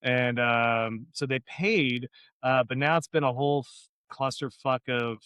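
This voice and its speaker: A man's voice: mid-range voice, a little slow, fairly bright tone, smooth, no room sound. A man co-hosting a podcast, telling long profane stories in a loose, rambling way. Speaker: podcast co-host. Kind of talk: casual podcast chat.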